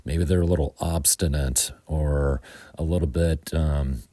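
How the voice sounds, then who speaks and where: A man with an American accent teaching English grammar, explaining slowly and methodically with frequent ums. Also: extremely low pitch, warm tone, no echo.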